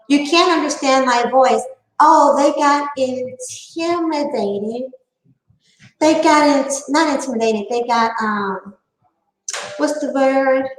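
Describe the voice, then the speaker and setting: Talking fast in a high-pitched, twangy Southern voice, a woman who hosts the channel addresses her viewers defiantly and emphatically in a casual vlog. The audio is reverberant and poor.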